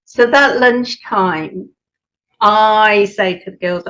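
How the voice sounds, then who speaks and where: A woman's voice: mid-range voice, takes it slowly, a bit bright. A middle-aged woman from the United Kingdom answering an interviewer, telling her story animatedly and acting out the voices of the people in it. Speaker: guest. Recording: muffled, lo-fi audio.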